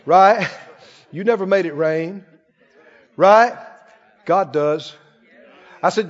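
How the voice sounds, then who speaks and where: High-pitched male preacher, fervent, big verses and hushed asides, dull reverberant hall recording. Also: slow, pauses often. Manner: fervent preaching, swings between booming scripture and quiet asides. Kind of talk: sermon. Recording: muffled sound in a long reverberant hall.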